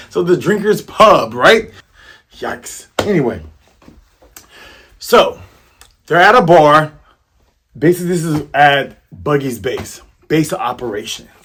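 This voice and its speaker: A man's voice: mid-range voice, a bit bright, husky. A man hosting a casual, rambling manga review, jokey and slangy with lots of tangents. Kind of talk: casual commentary.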